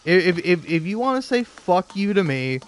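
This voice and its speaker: A man's voice: high voice, very animated, normal speed. A young man telling a casual, rambling anecdote full of restarts, fillers and swearing. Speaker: podcast host.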